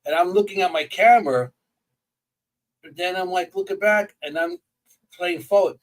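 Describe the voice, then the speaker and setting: An animated man recounts investigation stories in casual chat, getting excited and tripping over his own sentences. His voice sits fairly high, and he sounds a little set back from the microphone. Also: recorded from a distance, rough recording. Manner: animated storyteller, quick to get excited and restart sentences. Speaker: paranormal investigator.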